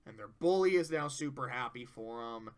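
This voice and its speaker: A man hosting a casual tier-list review, excitable, swearing freely and laughing often. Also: mid-range voice, normal speed.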